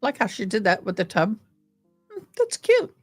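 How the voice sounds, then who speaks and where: A woman's voice: mid-range voice, wildly swooping pitch, normal speed, slightly rough, faint music behind. A woman chatting casually and affectionately as she hosts a live stream fundraiser, gushing over details while showing a game.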